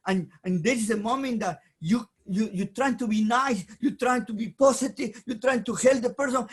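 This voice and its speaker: A man, a rabbi, giving an informal Torah lesson, emphatic and animated, in broken English with many restarts and asides. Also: sits high, brisk, hardly any pauses, breathy edge. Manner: jokes and talks aside to someone off mic. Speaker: rabbi teaching the weekly Torah portion.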